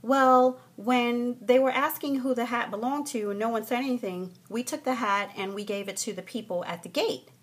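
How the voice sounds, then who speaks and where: Woman imitating a polite but useless female flight attendant, husky, a bit higher than her own voice. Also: moderate pace, hardly any pauses, lightly acted. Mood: prim.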